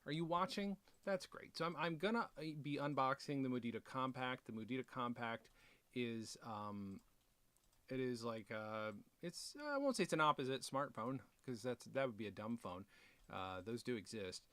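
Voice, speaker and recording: A man's voice: medium pitch, lively intonation, normal speed, fairly bright tone, no echo. A man hosting a casual unboxing vlog, rambling with self-deprecating jokes and chatty asides. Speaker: author and video host.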